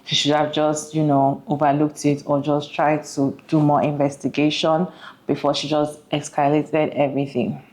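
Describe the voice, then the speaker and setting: A woman's voice: sits low, little pitch movement, normal speed, a little mellow, low-quality recording. A woman hosting a reaction video, giving earnest commentary and putting questions to her viewers. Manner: earnest, talks to viewers with questions, restarts mid-sentence. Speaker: host reacting to a clip.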